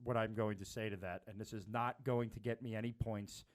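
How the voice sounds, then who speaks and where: A man's voice: fairly low pitch, fairly even intonation, fairly quick. A man co-hosting a podcast, giving mock-serious advice in a teasing, lecturing way. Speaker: podcast co-host. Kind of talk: casual podcast banter.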